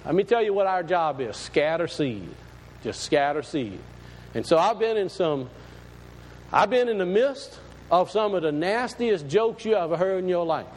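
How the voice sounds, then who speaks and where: High-pitched preaching pastor, folksy and emphatic. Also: male voice, expressive, normal speed, long reverb tail, slight background noise, low-quality recording. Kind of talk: sermon.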